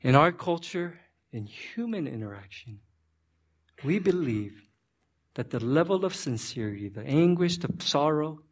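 A male pastor preaching a sermon, telling an animated story that he acts out and checking in with his listeners. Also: fairly high pitch, measured pace.

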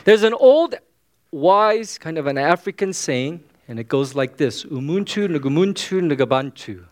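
Pastor, man, high-pitched, easygoing sermon full of quick "okay?" check-ins. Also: animated. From United States. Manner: casual, joking, frequent "okay?" asides.

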